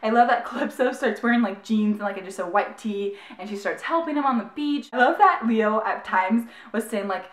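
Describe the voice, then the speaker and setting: A young woman reviewing a book in a casual, gushing way, full of "like" and excited restarts. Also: a little high, brisk, hardly any pauses, reverberant. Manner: gushing, excited, heavy use of "like".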